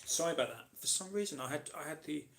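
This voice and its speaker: This man's voice is a bit bright and a little high, with vocal fry, and he talks fast. Hosting a laid-back live question-and-answer stream, he reads out comments from viewers and rambles through his answers with plenty of ums and false starts.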